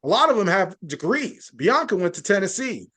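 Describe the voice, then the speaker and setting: A man's voice: high-pitched, sing-song, normal speed, a bit bright. A man speaking as a journalist guest in a podcast interview, earnest and building his points through lists and frequent restarts.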